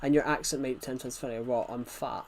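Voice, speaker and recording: A man's voice: mid-range voice, fairly even intonation, fast, a little mellow, slight background noise. A man streaming gameplay live, rambling chattily and answering chat messages, his nose bothered by hay fever.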